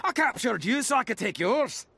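A man voicing a boastful, scheming male duck villain with a gravelly, blustering voice. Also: very high-pitched, sharp tone, full character voice. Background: cartoon score.

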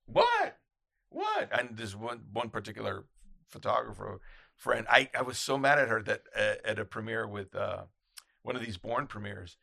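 A man who photographs red carpets, telling anecdotes in casual chat and acting out quotes in loud, high voices. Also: gravelly, no echo, clean studio sound.

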